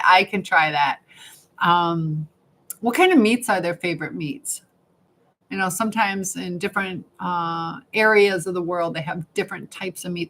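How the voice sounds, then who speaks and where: Woman host, chatty and easygoing, mid-pitched, reading comments aloud on a home live stream. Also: fairly bright tone, rough recording. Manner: chatty, reads viewer comments aloud, laughs often. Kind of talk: casual live-stream chat.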